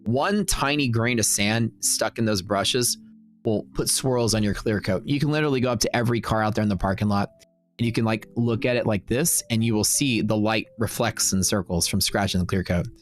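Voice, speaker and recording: A man's voice: fairly low pitch, brisk, soft background music. A man hosting a livestream, telling a long story in a casual, rambling way, full of fillers and quoted back-and-forth. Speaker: livestream host.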